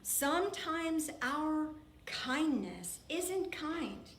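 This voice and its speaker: A fairly high-voiced woman minister gives an earnest, emphatic sermon and often repeats her phrases for weight. The room around her is roomy and echoing. A faint ambience hums behind her. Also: big pitch swings, extremely slow, a little hiss or hum. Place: church.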